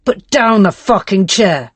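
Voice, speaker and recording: A woman's voice: mid-range voice, animated, unhurried, slightly rough, dry recording, pitched above the performer's own voice. A woman voicing a hard, menacing man in an audiobook, her delivery tense and threatening. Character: hard menacing male pimp.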